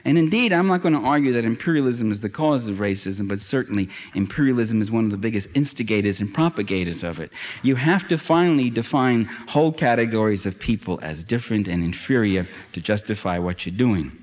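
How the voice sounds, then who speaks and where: A man giving an impassioned public lecture, building to loud, emphatic peaks. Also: on the low side, animated, brisk. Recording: long hall reverb.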